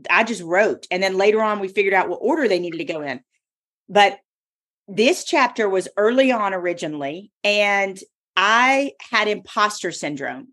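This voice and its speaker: A woman hosting a podcast who tells a personal story in an emphatic, expressive way. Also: mid-range voice, normal speed. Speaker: podcast host and author. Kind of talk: casual podcast chat.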